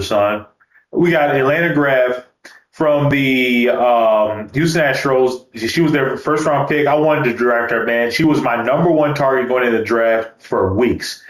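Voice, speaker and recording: Joking man with roomy echo. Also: mid-range voice. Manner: loose, joking, swears casually. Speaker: gaming YouTuber. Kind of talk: casual gameplay commentary.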